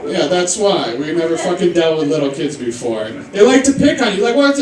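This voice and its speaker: A man's voice: on the high side, expressive, fairly quick, a little mellow. A young man doing a stand-up routine on a comedy club stage, telling stories in a brash, profane, self-mocking way. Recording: roomy club sound from a distance, with audience laughter.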